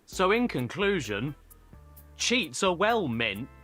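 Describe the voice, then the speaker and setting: A man doing a smug slow deadpan voice. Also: a little high, soft background music, full character voice.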